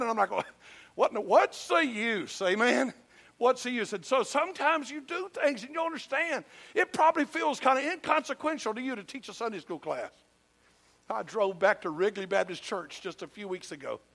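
A man's voice: extremely high pitch, gravelly, a bit bright. An older man from Georgia with a Southern accent, preaching a sermon in a folksy, emphatic storytelling manner with humor. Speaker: pastor.

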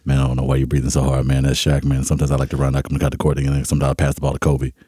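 A man's voice: a bass voice, completely flat delivery, rapid-fire, warm tone, breathy edge, no echo, studio quality, pitched below the performer's own voice. A man doing a comic impression of a laid-back male basketball star who mumbles, drawls and keeps saying "man". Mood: drawling. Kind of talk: comedy impression.

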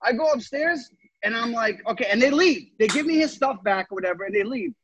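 A young man, co-hosting a podcast and telling a story in a casual, animated way, swearing often. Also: extremely high pitch, brisk, muffled recording, slight background noise. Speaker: podcast co-host.

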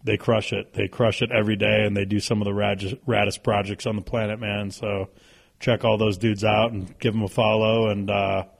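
A man in his thirties, a podcast guest telling stories in a casual, animated way, swearing freely. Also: lowish voice, normal speed, gravelly, husky. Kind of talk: casual storytelling.

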